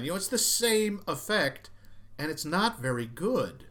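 A man's voice: high voice, animated, moderate pace, fairly bright tone. A man in casual chat, reviewing a film with sarcastic, dismissive remarks.

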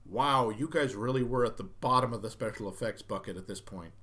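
Sarcastic man with a bright voice. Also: medium pitch, fairly quick. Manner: sarcastic, dismissive critique. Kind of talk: casual review chat.

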